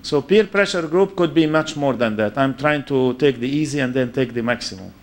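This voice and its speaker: A man's voice: mid-range voice, brisk, a little hiss or hum. A man with a foreign accent giving a storytelling religious lecture and checking in with his listeners. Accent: foreign accent in English. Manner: anecdotal, checks in with listeners with "huh?".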